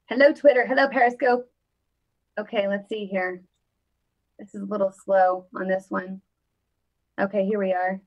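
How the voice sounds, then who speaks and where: A woman's voice: mid-range voice, steady tone, moderate pace, pauses often, lo-fi sound. A woman hosting her own live political show, chatting casually and upbeat straight to her viewers from her desk. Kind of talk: casual live-stream chat.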